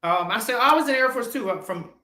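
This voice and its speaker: A man in his forties, a podcast host, giving a blunt, profane motivational talk that swings from loud urging to low, quiet asides. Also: lively intonation, quick pace, reverberant. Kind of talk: motivational monologue.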